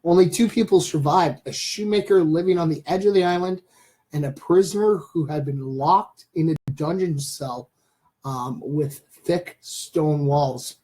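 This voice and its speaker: A man in his thirties hosts a casual live stream. His voice sits a little high for a man. He rambles along and talks straight to his viewers. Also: unhurried, dark tone. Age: 30s.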